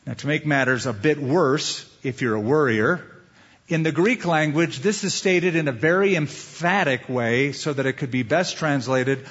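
A man's voice: a little high, normal speed, a bit bright, breathy edge. A male pastor preaching a sermon in a conversational way, often putting questions to the listeners. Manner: conversational, asks the audience questions. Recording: dull lo-fi sound.

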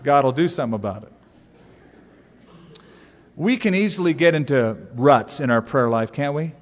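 A man's voice: mid-range voice, moderate pace. Man preaching a sermon in a reverberant hall. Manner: animated storytelling, mimics prayer voices. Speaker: pastor.

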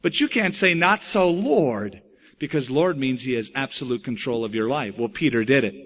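A man preaching a sermon, telling Bible stories with animated delivery and acting out the quoted voices. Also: medium pitch, a little fast, muffled recording. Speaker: pastor.

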